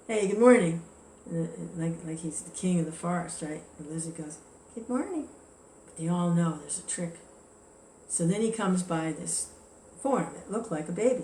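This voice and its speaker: A woman teaching a devotional scripture class, telling a story in a relaxed, chatty way. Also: on the low side, noisy background. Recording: echoey room with faint ambience.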